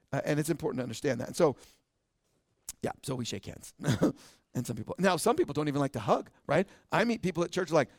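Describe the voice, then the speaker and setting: A man's voice: on the high side, dry recording, studio quality. A middle-aged man preaching a sermon as pastor, in a conversational, joking way with frequent "right?" asides.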